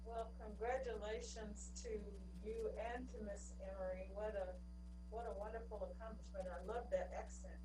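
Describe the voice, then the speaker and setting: A woman's voice: mid-range voice, fairly even intonation, moderate pace. A woman co-hosting a school district awards ceremony, praising honorees effusively. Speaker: district co-host. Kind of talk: ceremony presenting on a video call. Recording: echoey room, distant mic, faint hum.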